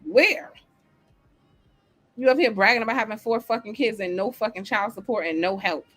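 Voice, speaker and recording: A woman's voice: mid-range voice, moderate pace, a bit bright, faint music behind. Blunt, swearing woman hosting a livestream. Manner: blunt, profane, heated; answers the live chat. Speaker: host. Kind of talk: livestream talk show rant.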